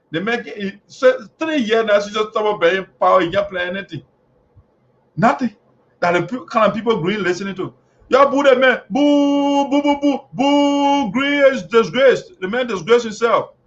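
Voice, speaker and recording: A man's voice: sits high, a bit bright. A man hosting an online show, delivering heated political commentary full of mocking, chanting jeers. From Liberia. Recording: dull lo-fi audio.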